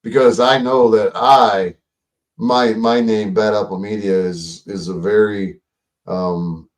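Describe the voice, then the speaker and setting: A man's voice: lowish voice, fairly even intonation, slow, recorded from a distance. A man hosting a casual livestream, rambling and swearing, with lots of fillers and restarts. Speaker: livestream host.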